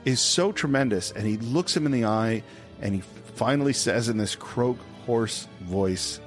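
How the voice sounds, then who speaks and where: A man's voice: medium pitch, a little slow, faint music behind. A man hosting a film podcast, retelling scenes step by step with enthusiasm. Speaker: podcast host.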